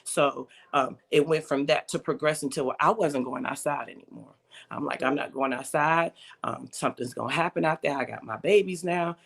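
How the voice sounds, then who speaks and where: Woman guest, gravelly tone, heartfelt storyteller. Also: low voice, a little fast. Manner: emotional, storytelling, acts out quoted voices. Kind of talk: personal testimony in casual chat.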